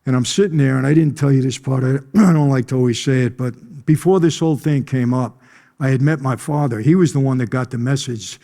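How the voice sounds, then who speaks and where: Male speaker, warm, dark voice, emphatic storytelling at a conference, clears his throat often. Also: medium pitch, fairly quick, long reverb tail. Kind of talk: personal storytelling talk. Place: conference stage.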